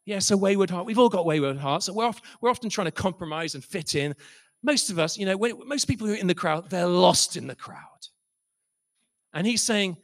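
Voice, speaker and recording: A man preaching a sermon, telling stories with passion and swinging from soft to loud. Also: sits high, animated, brisk, no echo. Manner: impassioned, swings from soft to loud, acts out quoted voices. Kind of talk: sermon storytelling.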